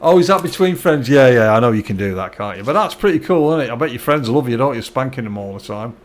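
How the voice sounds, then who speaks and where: A man's voice: mid-range voice, lively intonation, quick pace. A middle-aged man, chatting casually to viewers while live-streaming a game, friendly and stumbling over his words.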